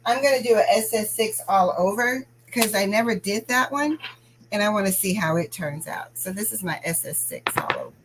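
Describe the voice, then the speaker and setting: A woman's voice: mid-range voice, animated, moderate pace, noisy background. A woman chatting casually while crafting on a livestream, greeting viewers by name as she works.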